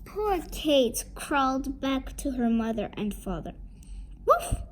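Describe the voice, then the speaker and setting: A woman reads a children's storybook aloud at an unhurried pace. Her voice is high and sings up and down as she brings the story to life. A faint room hum sits behind her. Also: low-quality recording. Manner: slow, expressive reading. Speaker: storybook reader.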